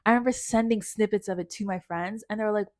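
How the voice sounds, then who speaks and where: A young woman from Canada tells a story to camera in a casual vlog, with a lively delivery that slips into the voices of the people in her story. Her voice sits at an ordinary pitch for a woman and sounds close and dry, with no room echo. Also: fast talker. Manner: animated, acts out other people's lines. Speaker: vlogger telling a story.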